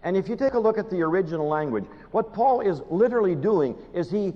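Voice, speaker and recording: Man, preacher, sermon, pleading emphasis, dramatic pauses, dull recording. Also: high-pitched, lively intonation. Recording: muffled hall recording with long reverb.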